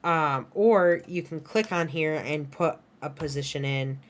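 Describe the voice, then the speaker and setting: A woman's voice: low voice, measured pace. A woman teaching an animation class at her computer, talking casually and correcting herself as she goes. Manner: casual, self-correcting, lots of "right?" and "kind of". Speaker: animation instructor. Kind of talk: recorded class lecture. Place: screen-share lesson at a computer. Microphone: headset or desk mic she adjusts.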